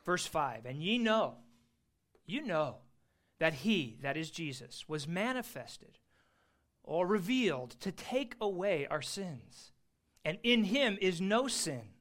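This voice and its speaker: A man teaching an adult Bible class, earnest and emphatic, slowing down to stress key phrases. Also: high voice, very animated, a bit bright.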